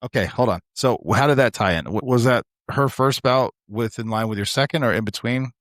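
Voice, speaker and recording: A man hosting a podcast in a casual, blunt way. He swears freely and cuts in with quick remarks. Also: mid-range voice, no room sound, clean studio sound. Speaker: podcast host.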